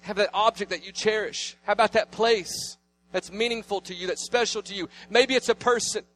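A man in his thirties preaching a sermon, telling family stories and swinging between loud declarations and hushed asides. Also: high voice, fairly even intonation, moderate pace. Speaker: pastor.

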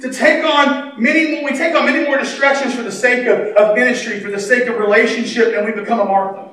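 A middle-aged man preaching a sermon as pastor, telling stories, acting out dialogue and swinging between loud and hushed. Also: very high voice, steady tone, fast talker. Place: church sanctuary. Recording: echoey church hall, mic at a distance, faint noise.

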